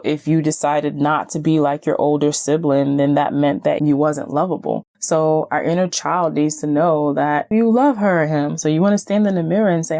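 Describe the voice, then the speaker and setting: A woman hosting a self-help podcast in a casual, animated way, often acting out what people say. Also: low-pitched, creaky, dry recording. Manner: animated, acts out quoted voices, many "like"s. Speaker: podcast host and certified hypnotist.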